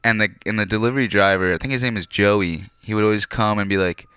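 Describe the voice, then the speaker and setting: A man's voice: lowish voice, steady tone, fast talker, bright, forceful tone, smooth, no room sound. A young man casually telling a rambling, profane story with lots of fillers.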